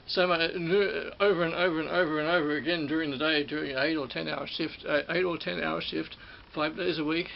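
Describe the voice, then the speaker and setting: Middle-aged aussie guy rambling on, gravelly, somewhat high voice, dull recording w/ faint hiss. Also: steady tone, fairly quick, few pauses. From Australia. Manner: rambling, repeats and corrects himself. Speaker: former ride operator reminiscing. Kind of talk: casual spoken reminiscence.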